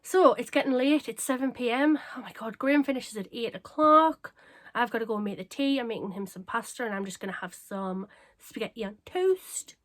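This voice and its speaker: A woman chatting casually to camera as a craft vlogger, bubbly and self-mocking, her voice a little croaky. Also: fairly high pitch, fairly quick. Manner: bubbly, excitable and self-deprecating. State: slightly croaky.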